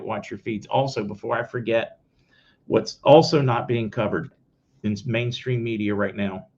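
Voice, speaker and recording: A man hosting his own news commentary show, giving blunt opinions straight to his viewers. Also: lowish voice. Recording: slightly dull lo-fi audio.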